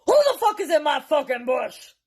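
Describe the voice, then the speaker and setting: A woman's voice: extremely high pitch, level tone, quick pace, voice pushed up. A woman voicing an angry middle-aged father who bellows from his porch. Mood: furious. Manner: bellowing, gruff.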